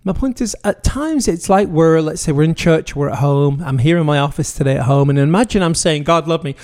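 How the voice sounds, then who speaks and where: A man's voice: a little high, a little mellow. Earnest man teaching from his home office. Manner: earnest, emphatic, slows for key phrases. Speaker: pastor. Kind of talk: sermon-style teaching, recorded from home.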